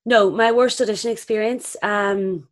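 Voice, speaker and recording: A young actress telling audition stories in casual chat, acting out quoted voices. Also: female voice, mid-range voice, moderate pace. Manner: animated, acts out quoted voices.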